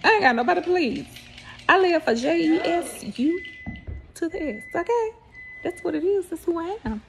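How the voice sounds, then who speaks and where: An older Southern American woman vlogs a casual mukbang, eating on camera while chatting playfully, laughing a lot, preaching, and singing snippets. Her voice is extremely high, gravelly, and lively in intonation at a moderate pace, with a little hiss or hum in the background.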